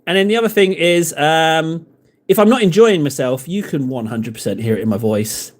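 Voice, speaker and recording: Brief: slightly high-voiced male streamer, chatty, rambling, jokey, talking to viewers as he paints. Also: expressive, moderate pace. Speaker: miniature-painting live streamer. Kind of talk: casual live-stream chat while painting.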